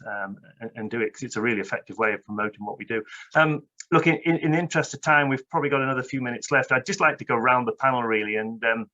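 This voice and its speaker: A man from Britain moderating a webinar panel, chatty and brisk with many fillers. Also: medium pitch, bright, forceful tone. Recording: dull lo-fi webinar audio.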